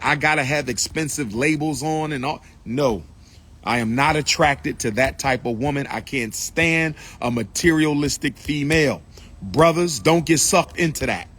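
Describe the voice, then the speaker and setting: Speaking at a medium pitch with a slightly bright tone, a man gives a fervent, repetitive lecture. He preaches at his audience and calls out to them directly.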